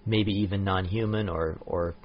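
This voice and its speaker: Low-voiced man chatting on a podcast. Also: steady tone, lo-fi sound. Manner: measured, frequent "yeah" and "um". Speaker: podcast co-host. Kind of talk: casual chat.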